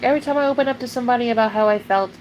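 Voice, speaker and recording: A woman's voice: on the high side, racing, darkish tone, lo-fi sound, slight background noise. Angry, swearing young woman streamer. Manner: profane, confrontational, fillers of "like". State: upset and angry. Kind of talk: live-stream vent.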